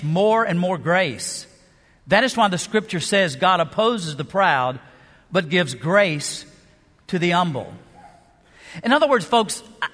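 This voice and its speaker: A man's voice: high-pitched, pushed and bright. A man preaching a sermon as pastor, emphatic, with rhetorical questions and shifting pace. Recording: long hall reverb.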